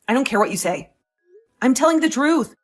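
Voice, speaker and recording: A woman's voice: high-pitched, lively intonation, fairly quick, soft background music. A woman voicing a young wife who defends herself, defiant and sarcastic toward her husband, in a voiced drama story. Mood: indignant. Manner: indignant, sarcastic.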